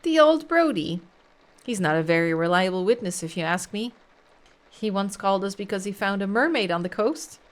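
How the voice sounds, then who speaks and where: A woman's voice: medium pitch, expressive, moderate pace, lightly acted. A woman voicing a stern male Scottish police inspector who talks down to a suspect, reading game dialogue aloud. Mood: scornful. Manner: scornful, dismissive, threatening.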